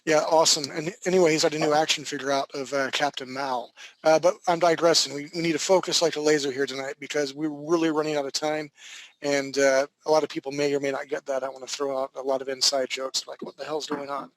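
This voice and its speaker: A man's voice: fairly high pitch, little pitch movement, quick pace, no room sound, poor audio. A man hosting a live online game development class in a rambling, jokey, casual way.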